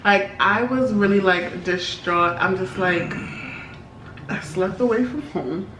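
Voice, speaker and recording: A young woman, telling a story in animated, slangy style while eating, often laughing. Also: mid-range voice, slow pace, far from the mic. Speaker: vlogger, co-host. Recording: roomy, off-mic, faint background hum.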